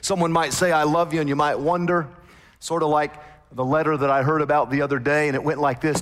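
A man's voice: on the high side, flat delivery, a bit bright, long reverb tail. A man preaching a sermon as pastor, pressing hard on key words and drawing them out. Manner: preaching with emphatic, drawn-out stresses.

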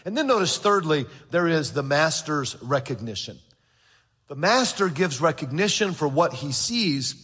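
A man's voice: fairly high pitch, big pitch swings, moderate pace, fairly bright tone, breathy edge. A male pastor preaching a sermon in a church, reading scripture aloud and acting out the voices of the people in his story. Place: church sanctuary. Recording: long reverb of a large church.

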